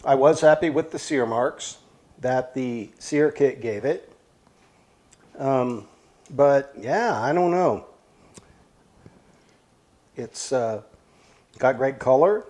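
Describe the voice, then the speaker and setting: A man's voice: medium pitch, animated, slow pace, long pauses, darkish tone. A man hosting a casual cooking vlog, talking plainly and thinking aloud as he goes. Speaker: cooking channel host.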